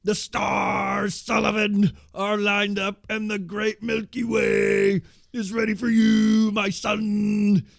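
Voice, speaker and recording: A man voicing a bombastic male wrestling mystic, shouting a slow, theatrical promo. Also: completely flat delivery, vocal fry, dry recording, studio quality, full character voice. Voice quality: loud booming theatrical delivery.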